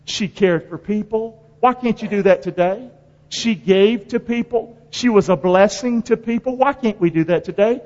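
A man's voice: high voice, moderate pace, a little mellow, in a large hall, highs cut off. A man preaching a sermon in a church, emphatic and full of call-and-response. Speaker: pastor. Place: church sanctuary.

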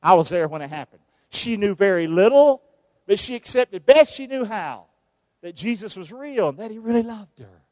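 A pastor with a high-pitched voice preaches with feeling, calling on his congregation to answer back. The sound is dry and close, with no room echo. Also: expressive, normal speed, darkish tone. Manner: emotional call-and-response preaching. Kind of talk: sermon. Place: church sanctuary.

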